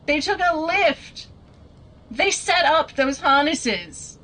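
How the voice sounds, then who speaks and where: A woman's voice: high voice, animated, slow pace, sharp tone, low-quality recording. A British woman streaming a video game, chatting with her viewers in a rambling, giggly way and laughing often. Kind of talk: casual gameplay commentary chatting with viewers. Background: game music.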